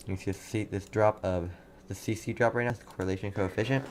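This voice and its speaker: A man's voice: lowish voice, fairly even intonation, fast talker, slight background noise. A man hosting a live severe weather stream, giving urgent, repetitive warnings and answering viewers' chat. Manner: urgent, repeats himself, reads chat. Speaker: livestream weather host.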